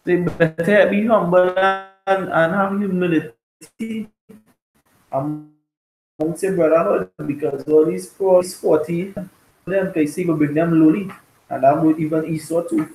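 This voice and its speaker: A man leads scripture teaching in a group discussion, his voice sitting a little higher than most men's. He reads the verses slowly and deliberately, then explains them. The sound rings around an echoey room. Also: steady tone, darkish tone, faint music behind.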